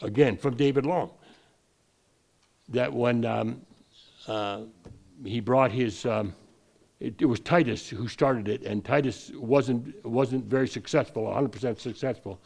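Gravelly-voiced male preacher. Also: medium pitch, measured pace, a little mellow. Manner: digressive, frequent restarts, rising emphasis on key points. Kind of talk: sermon.

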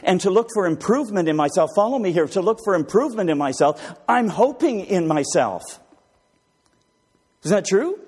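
A man's voice: sits high, moderate pace, husky. A man preaching a sermon, asking his listeners rhetorical questions. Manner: animated, rhetorical questions to the congregation.

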